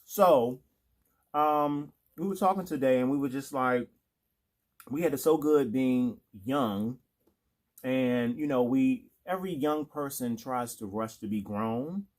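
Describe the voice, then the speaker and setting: A man's voice: mid-range voice, takes it slowly. Male co-host, eager and talkative, casual mukbang chat, from the D.C. area. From Washington, D.C. area. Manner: chatty and enthusiastic, leaning into the audience. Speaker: podcast co-host.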